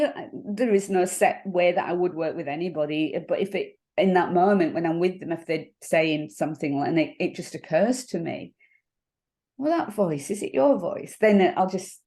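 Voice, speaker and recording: Reflective woman coach, low-pitched. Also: a little mellow. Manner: reflective, halting, laughs often. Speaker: NLP coach. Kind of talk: casual interview conversation.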